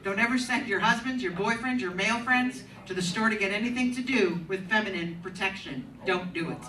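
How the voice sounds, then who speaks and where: A woman's voice: mid-range voice, fairly quick, sharp tone. A middle-aged woman performing a crude, teasing stand-up set in a comedy club, working the crowd. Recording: echoey club from a distance, crowd. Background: audience laughter.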